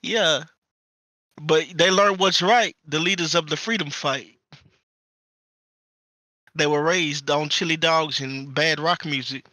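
A young man chatting on a podcast in a slightly high, bright and crisp voice. His sound is close and dry. He is laid-back, laughs easily and quotes old theme songs. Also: slow, long pauses, no echo. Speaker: podcast co-host. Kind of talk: casual podcast chat.

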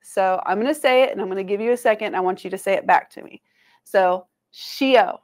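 A woman with a mid-range voice teaches children a language lesson, encouraging them throughout. She's a Cherokee language and culture educator working in a museum presentation room, leading call-and-response and slowing to sound out each syllable.

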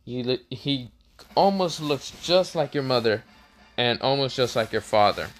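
A man's voice: medium pitch, unhurried, faint music behind, close to an everyday voice. A man voicing a crude, scheming old male village elder who blusters and swears. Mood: smug.

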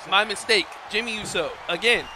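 A high-voiced man calls wrestling video game action play by play, gasping and exclaiming at every move while putting on a mock accent. The voice sits high for a man, and a steady hiss of noise runs underneath the recording. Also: brisk. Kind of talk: excited play-by-play commentary.

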